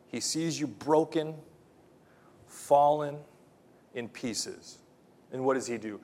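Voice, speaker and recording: A male pastor delivering a sermon in a mid-pitched, everyday voice. He pushes some lines out loud and emphatic, then drops others to a near hush, and doubles back on phrases to hammer them home. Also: measured pace, long pauses. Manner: swings between loud emphatic bursts and quiet, hushed lines; repeats phrases for emphasis, preacherly.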